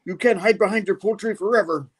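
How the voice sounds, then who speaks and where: A man voicing a blustering middle-aged male villain in a high, indignant, cartoonish voice. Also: quick pace, breathy edge.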